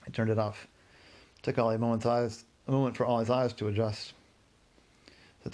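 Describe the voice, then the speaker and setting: Guy making up a story as he goes, rambly, corrects himself a lot, average pitch. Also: little pitch movement, moderate pace, darkish tone. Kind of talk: improvised story narration.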